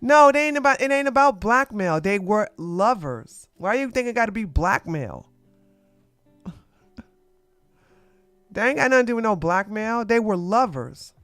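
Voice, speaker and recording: Streamer commentator, animated, talks back to chat, smooth close voice, faint music behind. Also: medium pitch, moderate pace, long pauses, no echo. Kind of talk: live stream drama commentary.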